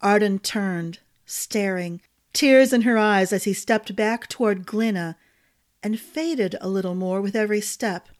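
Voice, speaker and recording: A woman's voice: mid-range voice, a little slow. A woman hosting a storytelling podcast and narrating a fantasy novel chapter.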